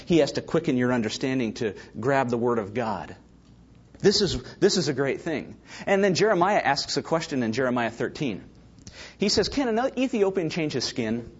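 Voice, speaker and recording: A man preaching a sermon, emphatic and building to loud stresses, with a slightly husky voice. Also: mid-range voice, dull audio. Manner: emphatic, rising to shouts for stress.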